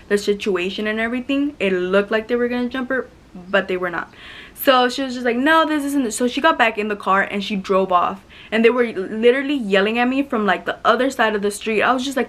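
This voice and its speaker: A teenage girl vlogging a storytime in an animated, casual way. Her voice sits a little high, and she keeps acting out what everyone said, with plenty of "like" between the lines. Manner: animated retelling, acts out quotes, many "like" fillers.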